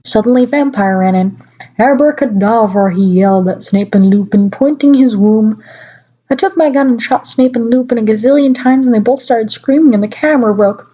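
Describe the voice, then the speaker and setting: A woman on the high side reads briskly and mock-dramatically, breaking off every so often to make a wry remark. The home laptop-mic recording has dull audio.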